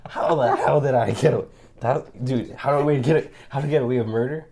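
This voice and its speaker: A man co-hosting a podcast, telling a story in lively casual chat, acting out voices and laughing often. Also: mid-range voice, a little fast. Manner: animated storyteller, acts out voices, laughs a lot. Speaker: podcast co-host.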